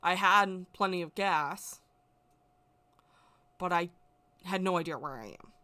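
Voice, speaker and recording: A woman tells a personal story in a loose, emotional, rambling way. Her voice sits a little low, and she circles back over the same words as she talks. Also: slow, bright, forceful tone. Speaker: spiritual vlogger.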